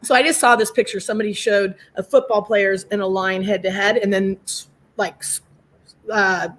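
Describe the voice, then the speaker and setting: A woman's voice: medium pitch, steady tone, normal speed, fairly bright tone. A woman scientist on a video call, explaining in plain everyday comparisons. She often breaks off and starts her thought again. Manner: explains with everyday comparisons, many fillers and restarts. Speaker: scientist guest.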